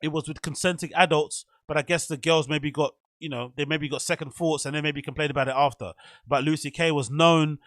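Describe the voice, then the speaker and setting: A man's voice: on the high side, fairly even intonation, a little fast, fairly bright tone, no room sound. A man hosting a show, giving chatty, opinionated commentary with meandering asides. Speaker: host. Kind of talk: casual commentary.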